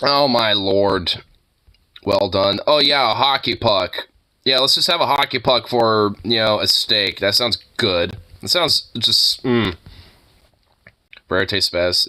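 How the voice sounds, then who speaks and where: A man's voice: lowish voice, pushed and bright. A man chatting casually among friends, joking and laughing, with plenty of fillers. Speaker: podcast host. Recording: music playing behind.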